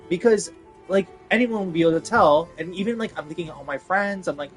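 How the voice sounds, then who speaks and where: Young man, ranting monologue, agitated, profane, repetitive, fairly high voice, faint background music. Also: a little fast, rough recording.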